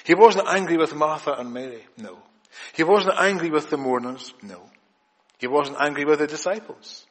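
A man's voice: on the high side, normal speed. Man preaching in a reverberant church. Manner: emphatic, with big swings from loud to hushed. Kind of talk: sermon. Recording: long hall reverb.

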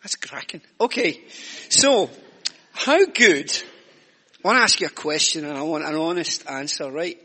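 Older scottish guy talking to kids at church, high bright voice, a bit husky, big hall echo. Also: lively intonation, moderate pace. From Scotland. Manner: chatty and self-mocking, jokes with children. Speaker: church speaker leading the children's talk. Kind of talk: lively children's talk in a church service.

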